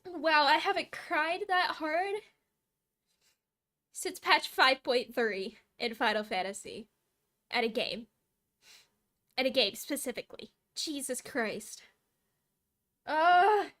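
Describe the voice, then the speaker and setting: A woman streaming a game with a very high, teary voice, still emotional after crying. She talks slowly, swearing and laughing at herself between reactions. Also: lively intonation, sharp tone. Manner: emotional, tearful, swearing and self-mocking.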